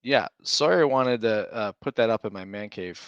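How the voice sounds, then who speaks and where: A man's voice: fairly low pitch, moderate pace, clear, resonant tone, no room sound, muffled recording. A man in his thirties, co-hosting a casual chat over a remote call, telling rambling stories and laughing often. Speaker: podcast co-host.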